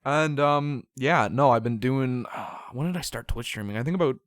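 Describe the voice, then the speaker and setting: A seventeen-year-old young man from Canada co-hosting a casual podcast, joking, excitable and quick to laugh. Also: medium pitch, dry recording, clean studio sound. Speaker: podcast co-host, Twitch streamer. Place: home studio.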